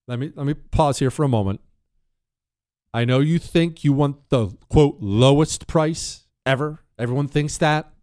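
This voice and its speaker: Animated storytelling talk show host, man. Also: medium pitch. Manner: animated, emphatic, talks straight to listeners.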